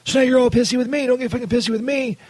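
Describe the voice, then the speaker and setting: Man doing a husky, very high-pitched saint for a comedy bit, whiny and cursing. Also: fairly even intonation, racing, a little mellow, dry recording. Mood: indignant. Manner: whiny, profane, keeps saying "Jesus". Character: crude irritable man playing a saint, who calls everything bullshit.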